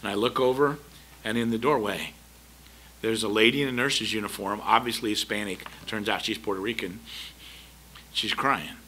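A middle-aged man preaches from the pulpit in a very bright, forceful voice. He drives his points home with repeated rhetorical questions and an earnest, emphatic delivery. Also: fairly low pitch, fairly even intonation, normal speed, pauses often, slight background noise. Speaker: pastor. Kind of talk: sermon. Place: church sanctuary.

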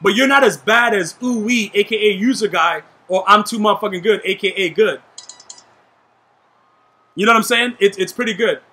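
High, bright-voiced hyped gamer guy. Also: normal speed. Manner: trash-talking, hyped, shouts at teammates. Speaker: gaming YouTuber. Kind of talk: live gameplay commentary.

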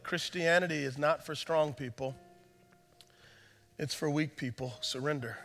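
A man pastor preaching a sermon, swinging from hushed, intimate passages to loud, shouted climaxes. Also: a little high, steady tone, normal speed, pauses often, soft background music. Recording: church hall reverb.

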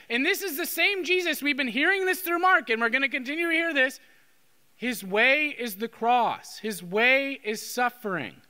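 Delivering a sermon in church, a Catholic priest speaks in a very high-pitched, sharp yet smooth voice. His style is conversational, peppered with "okay?" tag questions, and his words ring with the long reverb of a church hall.

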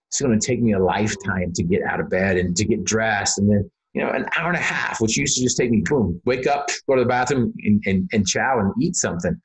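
A man being interviewed, telling a personal story in an earnest, emotional way, often repeating words and saying "you know". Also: medium pitch. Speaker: interview guest.

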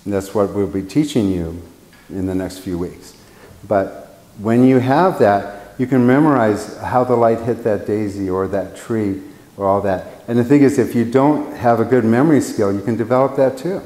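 A painting instructor with a lowish, darkish voice teaches in a casual, meandering style, sharing anecdotes and acting out what people said. Roomy hall reverb surrounds the recording.

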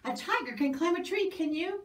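A woman's voice: very high voice, lively intonation, fairly quick, voice pushed up. A woman voicing a bossy, hungry crocodile from a picture book who scolds and talks down to others, recorded in a roomy space from a distance. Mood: scoffing. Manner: scolding, know-it-all. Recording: roomy sound from a distant mic.

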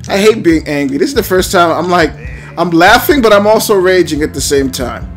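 A man giving casual, jokey commentary while playing a video game, breaking into loud outbursts. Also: sits high, animated, brisk, soft background music. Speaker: gameplay commentator. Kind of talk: casual let's-play commentary.

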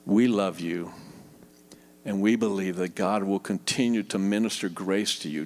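Heartfelt middle-aged male preacher. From Louisiana. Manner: heartfelt, tender, drops soft and low in prayer. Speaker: guest preacher. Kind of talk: sermon and closing prayer.

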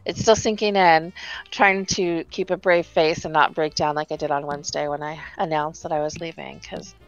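A woman hosting a virtual-world event in casual chat, emotional and halting, with many fillers. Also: deep voice, steady tone, no echo, dull audio, soft background music.

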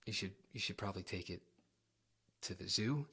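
A man's voice: deep voice, moderate pace, a bit bright, slightly rough, heavily acted. A man voicing a puzzled gas station clerk in a spoken joke, incredulous and questioning.

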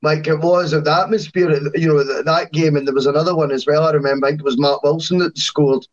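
A man co-hosts a podcast in casual, keen chat. His voice sits slightly high. The recording sounds muffled and lo-fi. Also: fairly even intonation, fast talker. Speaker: podcast co-host. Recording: dull lo-fi sound.

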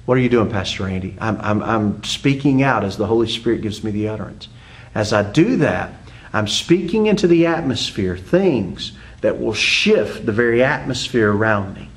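A man's voice: on the low side, lively intonation. Earnest preaching man, emphatic. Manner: earnest teaching with emphatic rises and drawn-out phrases. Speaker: pastor. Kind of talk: sermon.

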